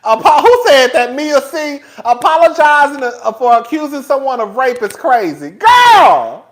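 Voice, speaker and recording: A man hosts a loose live-stream commentary, his pitch leaping up and down as he goes. He is chatty and profane, breaks into laughter often, and keeps talking straight to his viewers. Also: moderate pace. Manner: animated, profane, laughs often between remarks; chatty, talks straight to viewers as "girl" and "y'all". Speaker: host.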